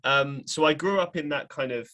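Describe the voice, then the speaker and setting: A man's voice: on the high side, normal speed, sharp tone. A young man hosting a podcast, rambling and correcting himself often in casual talk. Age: young adult. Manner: rambling, frequent self-corrections and hedges. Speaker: podcast host. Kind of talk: casual chat.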